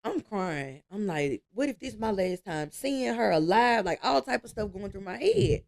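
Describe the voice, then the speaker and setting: A woman, telling stories with lively energy and easy laughs as a guest in a casual interview. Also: mid-range voice, normal speed, gravelly. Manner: lively storytelling, laughs easily.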